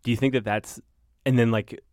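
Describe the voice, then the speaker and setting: A man's voice: mid-range voice, steady tone, a little fast, darkish tone, no room sound, clean studio sound. A man interviewing a writer, firing off casual questions full of fillers like "like". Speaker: interviewer, host.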